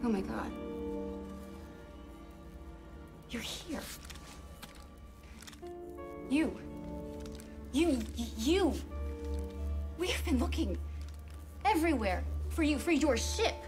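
A woman's voice: sits high, very animated, unhurried, long pauses, music in the background. A desperate armed woman. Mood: stunned. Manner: breathless, pleading and insistent.

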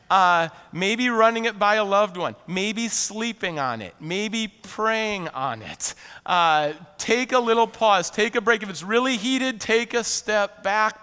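A man preaching a sermon as pastor, animated and conversational, often laughing and acting out quotes. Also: sits high, clean tone, long reverb tail. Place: church sanctuary.

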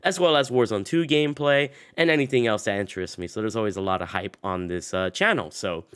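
A man's voice: fairly low pitch, quick pace, a bit bright, smooth. A young man with a sick voice, giving casual, upbeat gaming commentary as a channel host, rambling with fillers. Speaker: gaming YouTuber.

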